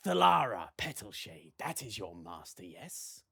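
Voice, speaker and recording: Cryptic elderly shaman, played by a man, slow solemn murmur. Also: fairly low pitch, sing-song, vocal fry, fairly bright tone, husky, full character voice. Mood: musing. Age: older. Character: old wise male marsh shaman, cryptic.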